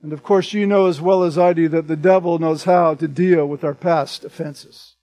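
High-voiced man preaching an expository sermon. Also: steady tone, moderate pace, warm tone. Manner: reads scripture aloud, then explains it plainly. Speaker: pastor.

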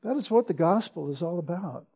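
A man preaching an expository sermon, earnest and deliberate, who often checks in with a rhetorical "right?" and repeats words for emphasis. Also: high-pitched, lively intonation, warm tone, husky. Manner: earnest, rhetorical, frequent "right?" tag questions; slow and deliberate with emphatic repetition. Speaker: pastor.

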